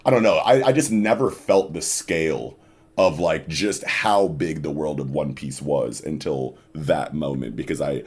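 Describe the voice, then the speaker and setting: A man on a casual podcast, excitedly retelling a story and dropping into low murmurs. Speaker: podcast co-host.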